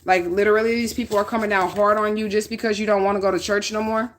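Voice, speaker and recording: A woman's voice: medium pitch, little pitch movement, fast talker, a little hiss or hum. Lady reading tarot cards, talks blunt and swears a lot, mid-height voice, says okay all the time. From northern United States. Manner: blunt, profane, checks in with 'okay?'. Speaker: tarot reader. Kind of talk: casual spiritual reading.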